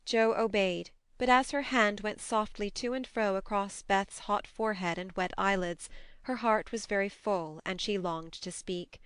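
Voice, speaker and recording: Smooth-voiced woman narrating a novel. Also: mid-range voice, no echo. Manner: measured, expressive reading. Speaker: audiobook narrator. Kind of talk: scripted narration.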